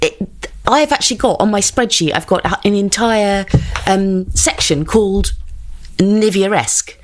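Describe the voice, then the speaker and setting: Southern English woman, podcast co-host, mid-pitched, animated, quick to laugh. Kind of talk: casual chat.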